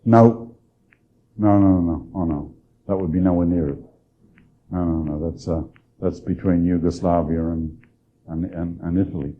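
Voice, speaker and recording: A man, a bishop, giving a conversational Bible study lecture, unhurried, often restarting phrases and checking in with his listeners. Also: low-pitched, steady tone, narrow, tinny audio. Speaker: bishop teaching scripture.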